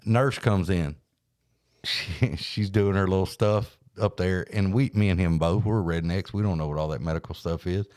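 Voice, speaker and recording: A man, hosting a podcast and telling a story in a folksy, animated way. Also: low-pitched, normal speed, dry recording, clean studio sound. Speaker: podcast host. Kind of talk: casual storytelling chat.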